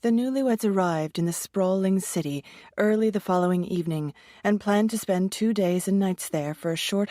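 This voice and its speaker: A woman narrating an audiobook thriller with steady, even storytelling. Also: fairly low pitch, no echo, studio quality. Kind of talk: scripted narration.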